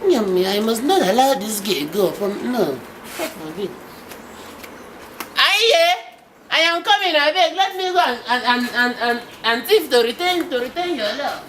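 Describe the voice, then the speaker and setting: An actor with a Nigerian accent playing a broke young boyfriend, pleading and excitable in pidgin. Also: male voice, extremely high pitch, measured pace, full character voice. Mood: agitated.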